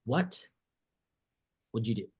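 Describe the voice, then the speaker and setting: Husky-voiced man telling a story. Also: medium pitch, slow pace. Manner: animated storyteller, acts out quotes, swears casually. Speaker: podcast host. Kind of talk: casual chat.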